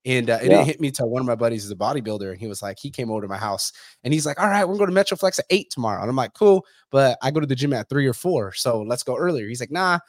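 A man's voice: medium pitch, animated, rapid-fire, no echo, studio quality. A man hosting a podcast in casual chat, blunt, swearing freely and saying "bro" and "dude". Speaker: podcast host.

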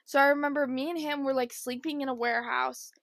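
A young woman vlogger telling a rambling, animated storytime in casual chat. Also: high-pitched, quick pace, vocal fry, no room sound, studio quality. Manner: chatty, rambling, animated impressions.

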